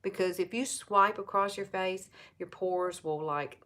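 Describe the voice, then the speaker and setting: A woman in her fifties who sells makeup and vlogs leads a relaxed, talkative tutorial in her Alabama Southern accent, looking right at viewers and going over things repeatedly. Her mid-range voice is fairly bright, her pace measured.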